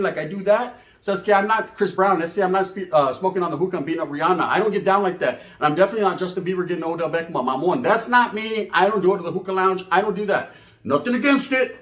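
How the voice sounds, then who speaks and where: A man's voice: high voice, a bit bright, echoey room. A man telling a profane comic story in a rambling, casual way, switching into voices for the people in it.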